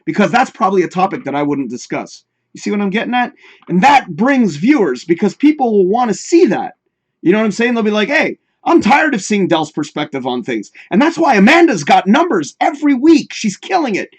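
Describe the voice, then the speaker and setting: A man's voice: sits high, sing-song, fairly quick, slightly rough. A man hosting a live talk show in casual, rambling chat, swearing freely and talking straight to his viewers.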